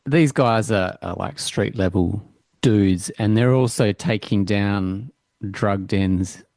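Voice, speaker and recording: A man's voice: on the low side, slow, vocal fry, darkish tone, no echo, clean studio sound. A man co-hosting a podcast, chatting in an easygoing way about a TV series with light laughs. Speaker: podcast co-host. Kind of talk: casual TV review chat.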